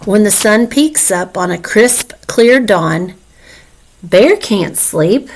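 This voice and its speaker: Slow, expressive woman reading a picture book. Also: mid-range voice, slight background noise, rough recording. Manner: slow, expressive, asks children questions. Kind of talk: picture-book read-aloud.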